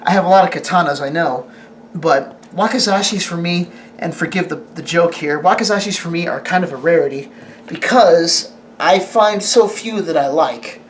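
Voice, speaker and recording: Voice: medium pitch, a little hiss or hum. A host reviewing a sword on camera in a casual, rambling way, often restarting sentences and asking the camera operator questions. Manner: rambling, halting, with frequent restarts.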